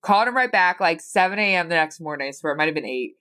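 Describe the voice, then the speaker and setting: Woman, 30s, American accent, solo podcast host; slightly low voice, candid, rambling, teary with a stuffy nose. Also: expressive, fast, sharp tone. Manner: candid, rambling, swears casually. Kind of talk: personal solo podcast chat.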